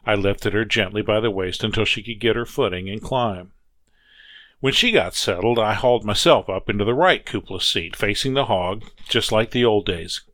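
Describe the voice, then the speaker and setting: A man reads a first-person story aloud in a measured, reflective way. His voice sits on the low side, and the recording is dry and close with no room sound. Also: fairly bright tone, no echo. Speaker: audiobook narrator.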